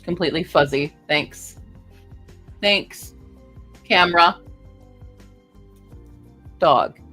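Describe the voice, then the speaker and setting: A woman's voice: fairly low pitch, drawn-out words, pushed and bright, soft background music. A woman streamer chatting casually and rambling to her viewers. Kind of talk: casual live-stream chat.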